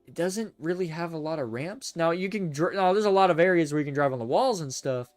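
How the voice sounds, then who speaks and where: In a slightly high, slightly quick voice, a man chats casually on a live stream, rambling and stammering as he corrects himself mid-sentence. He sounds excitable and talkative. The recording has no room sound, with soft music playing in the background.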